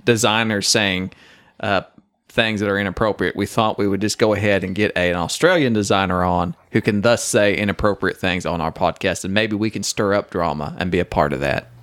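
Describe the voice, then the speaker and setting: A man's voice: low-pitched, brisk, a bit bright. A man co-hosting a casual podcast, playful and rambling as he introduces a guest. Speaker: podcast co-host. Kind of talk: casual chat.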